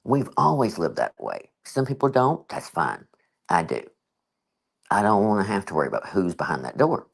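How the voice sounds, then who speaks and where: A woman hosts a relaxed livestream chat, her pitch swinging widely as she tells a story. She acts out the exchanges she describes and keeps the talk loose and conversational. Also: normal speed, creaky, slightly rough, poor audio. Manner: frequent "you know" fillers. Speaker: channel host.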